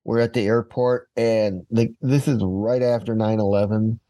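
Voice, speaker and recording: Casting: man, low mellow voice, relaxed storyteller, dry close sound. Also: moderate pace, no room sound. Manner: storytelling, quoting others. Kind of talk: casual conversation.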